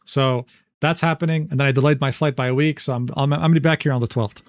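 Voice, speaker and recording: A fast-talking man streams casually, reading drama-related messages and screenshots with sarcastic, profane, exasperated asides. His voice is medium in pitch with fairly even intonation, and the sound has no echo.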